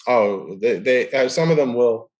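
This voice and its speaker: A man's voice: mid-range voice, measured pace. Brief: middle-aged man, mid-range voice, chatty guest who acts out the people in his stories. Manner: animated storyteller acting out quoted dialogue. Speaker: guest, baseball umpire. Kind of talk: casual chat, storytelling.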